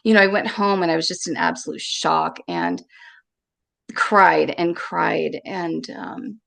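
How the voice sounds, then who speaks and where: Gravelly-voiced woman telling a painful story. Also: on the low side, animated, a bit bright. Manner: emotional, halting, repeats words. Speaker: interview guest. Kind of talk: personal storytelling in an interview.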